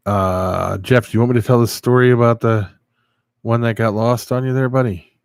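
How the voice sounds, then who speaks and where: A man's voice: mid-range voice, steady tone, moderate pace, clean tone, no room sound, studio quality. A man hosting a casual livestream, answering viewers and rambling through a story. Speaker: livestream host.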